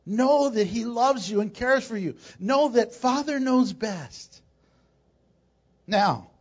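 Guy pastor preaching, joking around, kinda high voice, muffled lo-fi sound. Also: breathy edge. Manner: animated, joking asides and laughs. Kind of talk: sermon.

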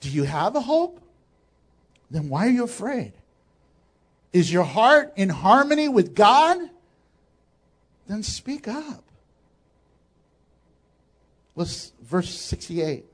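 A man preaching a sermon as pastor, animated and joking, acting out quotes as he goes. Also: sits high, slow pace, long pauses.

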